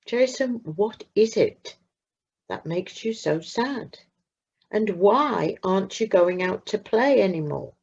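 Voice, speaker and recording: A woman voicing a caring mother in a storybook tale, speaking in a soft, hushed, soothing way. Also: mid-range voice, lively intonation, slow, creaky, breathy edge, heavily acted. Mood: concerned. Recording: muffled lo-fi recording.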